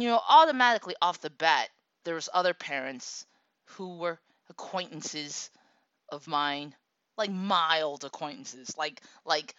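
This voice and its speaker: Bright-voiced woman telling a lively story. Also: medium pitch, dry recording. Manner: animated, laughs often, acts out quotes. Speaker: parent telling a personal story. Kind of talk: casual storytelling monologue. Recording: dull, dry lo-fi recording.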